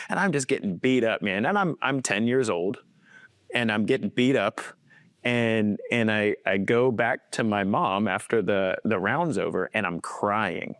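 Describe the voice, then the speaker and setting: A man in his thirties speaks as a podcast guest in a somewhat low voice, recorded dry and close. He shares personal stories in an earnest, conversational way and often chuckles as he talks. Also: animated, moderate pace, fairly bright tone, dry recording. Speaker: podcast guest, faith-based coach.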